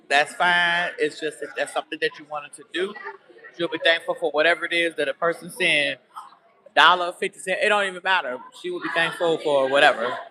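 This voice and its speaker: A man's voice: a little high, pushed and bright. A man chatting casually to viewers on a live stream at a graduation event, upbeat and talkative. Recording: noisy crowd around the phone.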